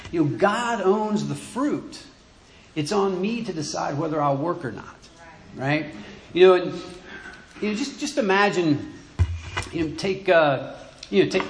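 A man preaching a sermon in church, halting and repeating words as he goes. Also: fairly high pitch, noisy background. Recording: echoey room.

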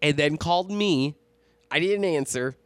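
A man's voice: a little high, measured pace, dry recording. A man casually telling a long story in a rambling, profane way, full of fillers and restarts. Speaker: storyteller on a podcast.

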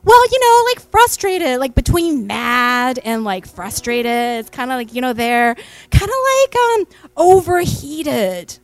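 A woman's voice: very animated, dry recording, full character voice. A woman doing an earnest little boy. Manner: high, slow, drawn-out explaining. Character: earnest seven-year-old boy explaining.

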